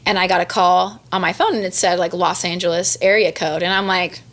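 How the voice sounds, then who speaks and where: Young woman singer telling her story, animated, acts out all the voices. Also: fairly low pitch, a little fast. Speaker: guest singer. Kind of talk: casual storytelling chat.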